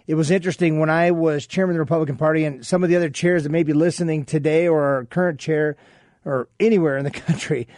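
A man's voice: a little high, darkish tone, no room sound, studio quality. A man guest-hosting a political talk radio show, telling stories and acting out quoted exchanges. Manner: storytelling, acts out quoted exchanges.

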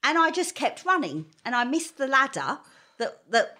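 A woman chats with a bright, sharp voice that swoops high and low as she tells a story. She laughs often and acts out what people said, pitched a little above most women. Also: very animated, normal speed. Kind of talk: casual chat.

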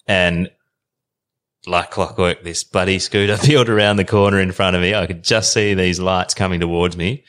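An Australian man in his thirties, a podcast guest telling an animated story in casual slang. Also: sits low, normal speed. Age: 30s. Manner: animated, colloquial yarn-spinner.

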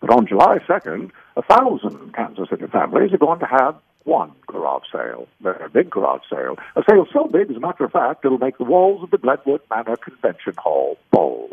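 A man's voice: mid-range voice, huge pitch swings, brisk, vocal fry, hardly any pauses, slightly rough, full character voice. A man voicing a seventy-five-year-old New England man with a New England accent, reading a folksy commercial over a phone line. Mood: folksy pitch.

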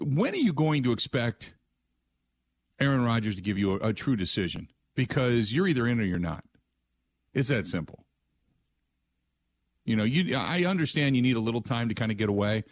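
A man's voice: mid-range voice, dry recording. Emphatic opinionated man, dry studio. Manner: emphatic, opinionated, many fillers. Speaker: sports radio host. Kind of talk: sports talk radio monologue.

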